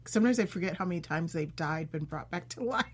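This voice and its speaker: A woman's voice: fairly low pitch, animated, fast talker, husky. A woman co-hosting a casual podcast, talking as an enthusiastic fan and retelling scenes with animation. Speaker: podcast co-host. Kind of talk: casual chat.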